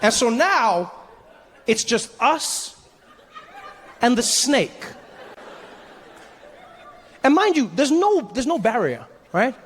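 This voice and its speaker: A male stand-up comedian with a notably high voice, telling a story with a lot of energy. He jumps in and out of the characters, and a faint hum of noise sits under the stage sound. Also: takes it slowly, pauses often. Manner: animated, acts out every character. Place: comedy stage with laughing audience.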